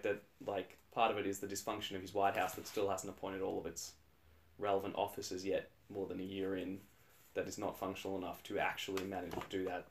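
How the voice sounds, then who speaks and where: Deep-voiced man, hedging podcast talk. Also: a little hiss or hum. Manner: hedging, argumentative, filler-laden. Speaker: podcast co-host. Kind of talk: casual podcast conversation.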